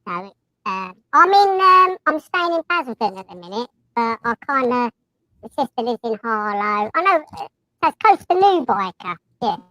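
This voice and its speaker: This is a squeaky, pitched-up voice from a man using a voice changer. It is bright and thin, with an Essex accent and a dry, close sound. The delivery is cheeky banter. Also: sing-song, normal speed, no room sound, full character voice. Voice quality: high squeaky filtered voice. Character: man's silly squeaky voice filter. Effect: pitch-shifted voice filter.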